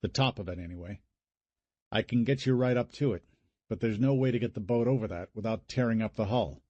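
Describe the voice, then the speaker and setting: A man's voice: on the low side, a little fast, warm tone, no room sound, lo-fi sound, lightly acted. A man voicing a weary, rattled older brother who is a cop, in an audiobook. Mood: exasperated. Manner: exasperated, curt.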